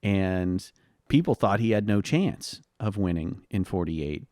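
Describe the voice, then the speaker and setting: A man's voice: deep voice, animated, a little slow, darkish tone, dry recording, studio quality. A man co-hosting a casual history podcast, easygoing and chuckling, with "uh" and "um" fillers. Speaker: podcast co-host.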